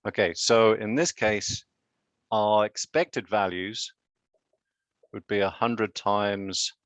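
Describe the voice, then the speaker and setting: A man's voice: fairly low pitch, steady tone, slow, fairly bright tone, no echo. A man lecturing on genetics in a live online class, chatty and quizzing students with joking asides.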